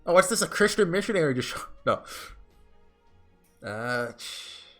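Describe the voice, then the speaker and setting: A man's voice: on the high side, sing-song, unhurried, a bit bright, soft background music. A man in casual gameplay commentary, rambling with lots of fillers and restarts. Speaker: game streamer.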